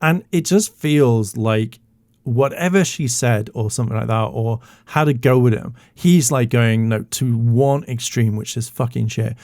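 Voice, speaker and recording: A man ranting in blunt, profane YouTube commentary, his voice sitting at an ordinary middle pitch. He sounds indignant and heated throughout. The sound is close and dry, with no room echo. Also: a little slow, a little mellow.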